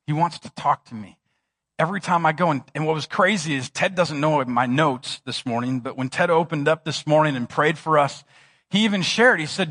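A man's voice: on the high side, brisk, a bit bright. A middle-aged man preaching a sermon, telling it as casual stories and acting out both sides of conversations. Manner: conversational storytelling, acting out dialogue with a friend. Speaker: pastor.

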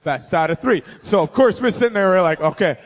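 A man, a guest speaker, telling a funny personal story in a sermon, animated and acting out voices and sounds. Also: high-pitched, a little fast. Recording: echoey hall.

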